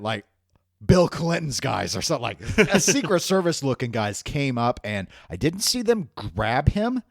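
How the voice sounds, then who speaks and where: Male podcast co-host, joking and lively, dry close sound. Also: medium pitch, dry recording. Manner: jokey, laughs often, quick asides. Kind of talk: casual chat.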